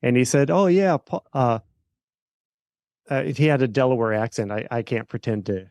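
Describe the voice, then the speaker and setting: A middle-aged man speaks as a podcast guest, telling a personal story. He talks haltingly, with many fillers and restarts. His voice sits at an ordinary pitch, and a close mic keeps the sound dry. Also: darkish tone, no room sound. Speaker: podcast guest, estate planning attorney.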